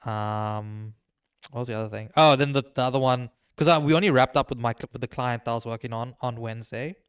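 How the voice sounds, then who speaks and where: A man co-hosting a casual podcast, telling stories in a rambling, hesitant way. His voice is smooth and clear, at an average pitch. The recording is dry and close. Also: fast talker, no echo. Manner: rambling, hesitant, lots of fillers and restarts. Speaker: podcast co-host. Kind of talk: casual chat.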